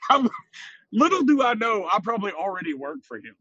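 A man's voice: sits high, big pitch swings, moderate pace, pushed and bright, breathy edge, dry recording, dull audio. A man co-hosting a podcast in casual chat, self-deprecating and laughing often. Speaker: podcast co-host.

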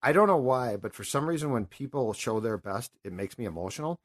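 A man's voice: medium pitch, animated, a little fast. A man in his fifties hosting a sports talk show, telling stories in an impassioned, rambling and emotional way. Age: 50s. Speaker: sports radio host.

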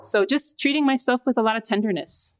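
A woman's voice: on the high side, brisk, no room sound. Reflective woman in casual conversation. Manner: reflective, thoughtful, uses many fillers. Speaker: podcast co-host. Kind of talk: casual chat.

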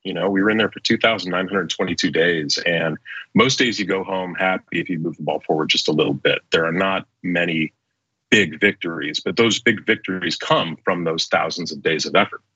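A man, a former speechwriter, telling stories as an interview guest with fast, animated delivery and frequent restarts. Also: low voice, slightly rough, no room sound, highs cut off.

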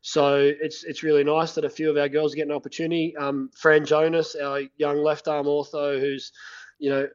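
A man talks in a halting, stop-start way, with plenty of fillers and restarts. His voice sits a bit high and stays flat in pitch. The sound comes over a dull, lo-fi phone line. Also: clean tone. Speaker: head coach of a national women's cricket team. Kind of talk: phone interview.

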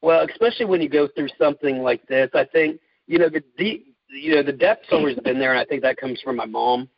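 Halting, heartfelt man, muffled audio. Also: medium pitch, creaky, no echo. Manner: halting, heartfelt, many fillers. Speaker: guest, caregiver. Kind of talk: candid interview talk.

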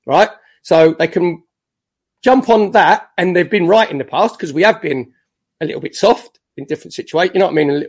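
A man talks on a podcast as a guest. His voice sits a bit high for a man, and he tells stories with energy, acting out other people's words. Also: fairly quick, husky. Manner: animated storyteller, acts out quotes. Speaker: guest, former footballer. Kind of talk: casual podcast chat.

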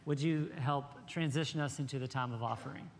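A man's voice: mid-range voice, fairly quick, slight background noise. A man who is a pastor, preaching emphatically with repeated phrases and rhetorical questions to his congregation. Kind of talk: sermon with interview. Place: large church sanctuary with congregation. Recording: reverberant hall, audience present.

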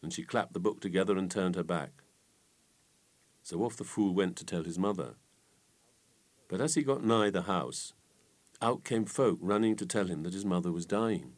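A man reading an old folk tale aloud with lively, expressive storytelling. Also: low voice, moderate pace, pauses often.

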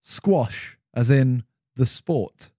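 A man's voice: mid-range voice, drawn-out words, mellow, slightly rough, no room sound, clean studio sound. A man co-hosting a podcast in casual chat, joking and reading out numbered prompts in a teasing way. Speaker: podcast co-host.

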